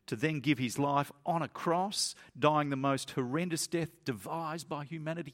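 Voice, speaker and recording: Earnest male preacher, emphatic sermon. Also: normal speed. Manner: earnest and emphatic, climbing higher when stressing points. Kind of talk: sermon with a read-aloud story.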